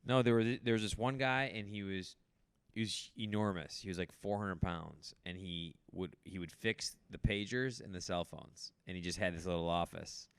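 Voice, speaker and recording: A man's voice: deep voice, steady tone, normal speed, clean tone, no room sound. A man born in the United States, hosting a podcast, telling comedic stories in casual chat and laughing mid-sentence. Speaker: podcast host.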